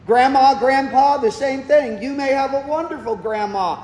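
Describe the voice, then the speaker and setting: A man's voice: extremely high pitch, normal speed, a little mellow. A man preaching a sermon as pastor, stressing points emphatically and answering his own questions. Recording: echoey hall, long reverb.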